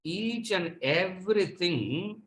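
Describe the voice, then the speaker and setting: Guy giving a spiritual talk, higher voice, keeps repeating himself, echoey room. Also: expressive, slow pace, fairly bright tone. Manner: rhetorical questions, emphatic repetition. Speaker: spiritual teacher. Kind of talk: lecture on scripture. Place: lecture room with live audience.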